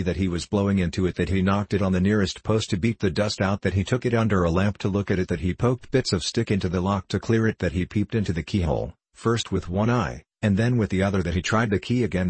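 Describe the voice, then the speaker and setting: A man reading a classic novel aloud as narrator, measured and wry. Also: low voice, breathy edge, no room sound. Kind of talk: audiobook reading of classic fiction.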